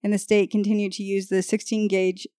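A woman hosting a podcast reads out details of an old murder case, stopping now and then to joke and laugh with her co-hosts in casual true-crime banter. Her medium-pitched voice is flat, a little fast, dark, clear and resonant, recorded with studio quality and no room sound.

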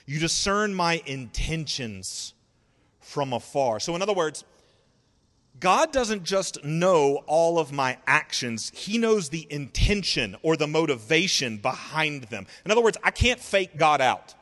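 Man preaching with long hall reverb. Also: on the high side. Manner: expressive preaching, rhetorical questions, drawn-out words; conversational, sarcastic asides. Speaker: pastor. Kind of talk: sermon.

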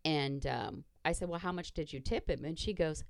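A woman's voice: deep voice, moderate pace, gravelly, dry recording. A woman podcast host casually retelling a story, blunt and profane, acting out the dialogue.

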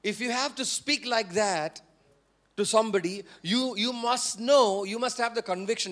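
A male pastor with an Indian English accent preaching a sermon, repeating phrases and prompting the congregation to say words back, rising to forceful emphasis. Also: high voice, moderate pace. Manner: repetitive, call-and-response preaching.

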